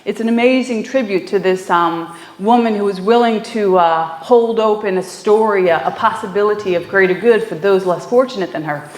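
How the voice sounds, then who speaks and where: In a small church hall, a woman minister delivers a conversational sermon at normal speed, her medium-pitched voice leaving few pauses. She tells stories, laughs easily and uses lots of fillers, and the room sounds echoey.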